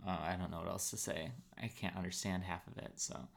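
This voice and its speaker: A man hosting a podcast in casual chat, playful and quick to laugh. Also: sits low, level tone, vocal fry. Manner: laughs often, playful teasing. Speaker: podcast host.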